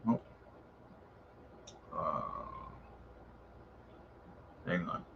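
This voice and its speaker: A man's voice: drawn-out words, muffled recording, slight background noise. A man hosting a casual crypto livestream, answering viewer questions in a laid-back, chummy way and calling viewers brother. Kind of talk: casual live chat reading viewer questions.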